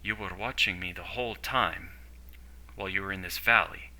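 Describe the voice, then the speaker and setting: Defiant young captive guy pushing with questions, a low-voiced man doing him, sharp edge. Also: moderate pace. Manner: demanding, questioning.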